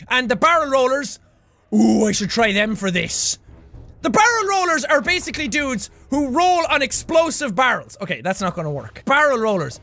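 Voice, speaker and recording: An Irish man giving excitable let's play commentary, often shouting and cursing at the game. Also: very high-pitched, dry recording. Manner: loud, swings to shouting and cursing. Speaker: gaming YouTuber.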